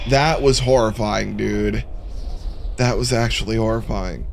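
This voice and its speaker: A man's voice: on the low side, steady tone, measured pace, creaky, slight background noise. A man casually commenting on a horror game as he plays, jumpy and talking to himself, with lots of "bro" and "dude". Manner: jumpy, reacts aloud, talks to himself, says bro and dude. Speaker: horror game let's player.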